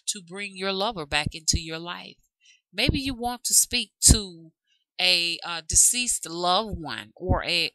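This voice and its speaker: A woman's voice: on the low side, sharp tone, no room sound, rough recording. A woman from Alabama with a Southern drawl, chatting casually and rambling to her channel viewers as its host. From Alabama, USA. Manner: chatty, rambling, calls viewers y'all and love. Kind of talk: casual chat to camera.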